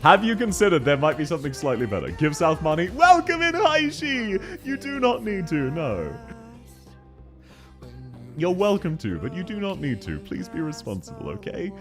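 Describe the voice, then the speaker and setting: A young man chats through a live game stream, joking and reading his chat aloud. His voice sits fairly high and swings widely in pitch. Soft game music plays underneath. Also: moderate pace. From Australia. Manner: animated, jokey, reads chat aloud and laughs often. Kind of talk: casual live-stream chat while gaming.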